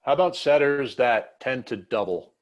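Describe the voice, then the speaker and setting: A man's voice: medium pitch, expressive, moderate pace. A man hosting a coaching video call, talking casually and rambling a little as he sets up questions. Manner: casual, rambling, self-correcting. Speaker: host and volleyball coach. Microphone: video call mic.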